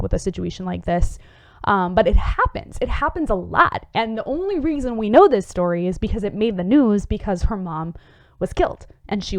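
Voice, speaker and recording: A woman's voice: medium pitch, dry recording. A woman hosting a psychology show, explaining in an earnest, casual way with many fillers and restarts.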